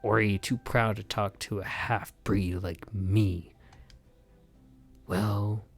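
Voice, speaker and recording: A man's voice: fairly low pitch, flat delivery, slow, vocal fry, full character voice. A man voicing a sneering cat-headed merchant. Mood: boastful. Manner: sneering, scolding. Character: towering cheetah-headed male merchant, rude.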